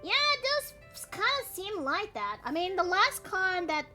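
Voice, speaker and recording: A woman from Canada streams her drawing and chats as she works, her voice pitched high. She talks her process through out loud, with gasps and playful asides. Soft music plays faintly behind her. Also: sing-song, normal speed. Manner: chatty, thinks aloud, with gasps and playful asides. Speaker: streamer and artist. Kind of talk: casual chat while drawing live.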